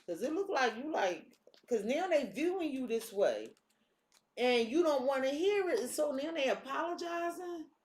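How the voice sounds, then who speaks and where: A woman's voice: high-pitched, expressive, normal speed, darkish tone. A woman doing a casual tarot reading, talking bluntly and cursing freely. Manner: blunt, profane, streetwise talk. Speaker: tarot reader. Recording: echoey room.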